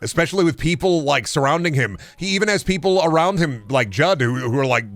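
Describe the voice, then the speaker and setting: This young man talks fast with hardly any pauses, his voice a little high, while soft music plays in the background. He's streaming a game, chatting casually and ranting animatedly with heavy profanity.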